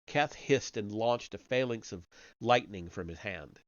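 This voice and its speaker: A man with a fairly low voice reads a story on a live stream at a measured pace, using just light voicing for the characters and now and then stumbling and correcting himself. There's no echo, though the lo-fi home mic makes him sound dull.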